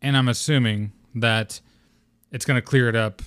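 A man's voice: medium pitch, steady tone, normal speed, fairly bright tone, clear, resonant tone, dry recording. A young man hosting his own gaming podcast solo, talking in a rambling, laid-back way and swearing casually. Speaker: podcast host.

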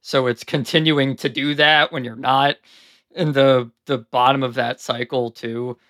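Male podcast host, mid-pitched, loose and reflective, dry close mic. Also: fairly even intonation, unhurried, a bit bright, dry recording. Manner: rambling and reflective, many "like" and "you know" fillers. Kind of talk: casual podcast conversation.

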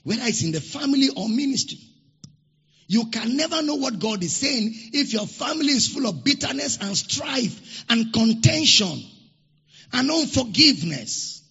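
A high, bright, gravelly-voiced man preaches with big swings in pitch, hammering his points home by repeating short phrases. His voice is very husky. The dull, lo-fi recording carries a long reverb from the hall. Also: very animated, moderate pace. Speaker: pastor. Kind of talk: sermon.

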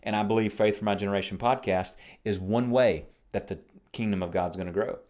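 A man hosting a faith podcast, preaching fervently and then chatting warmly and jokingly with listeners. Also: on the low side, fairly even intonation, a little fast.

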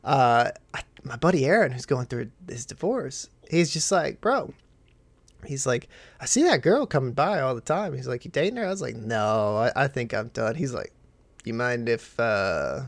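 A man's voice: medium pitch, sing-song, moderate pace, vocal fry, no echo. A man in his twenties, a podcast host, telling crude stories in casual chat and acting out the quotes.

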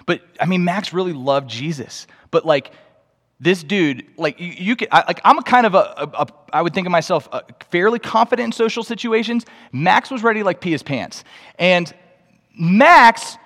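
A young man preaching a sermon, telling a story with animated energy that jumps into excited outbursts. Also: sits high, normal speed. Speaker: pastor. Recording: long reverb of a large hall.

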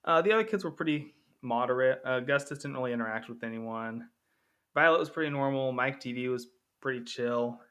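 Bright-voiced man rambling about movies. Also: medium pitch, a little fast. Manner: rambling, with many fillers, acting out quotes. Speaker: podcast host. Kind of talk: casual movie comparison monologue.

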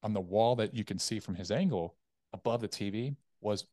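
Low-voiced man telling a raw story. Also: brisk, dry recording, clean studio sound. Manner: candid, animated retelling with acted quotes. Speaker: podcast guest. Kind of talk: personal storytelling.

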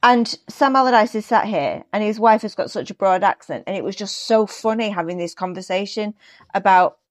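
A woman, a guest telling stories in a lively, animated way over a remote call. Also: mid-range voice, a little fast. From England. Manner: lively, animated storytelling with laughs. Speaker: guest, actor and football fan. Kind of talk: casual podcast chat over a call.

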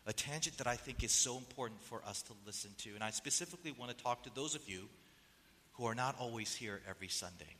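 Nasal-voiced pastor preaching in a hall. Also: male voice, medium pitch, pushed and bright. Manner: emphatic, rhetorical questions, reads quotes aloud. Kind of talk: sermon. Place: church sanctuary.

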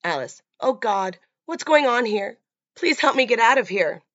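A woman's voice: fairly high pitch, animated, moderate pace, dry recording, pitched above the performer's own voice. A woman voicing a terrified young female camp counselor, panicked and pleading, in a dull lo-fi recording.

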